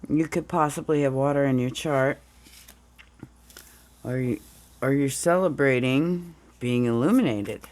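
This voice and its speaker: Slow-talking woman with a groggy morning voice. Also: rumbling low, darkish tone. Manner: meandering, talks through the cards as she goes. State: under the weather, groggy morning voice. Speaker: tarot reader. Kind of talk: casual tarot reading.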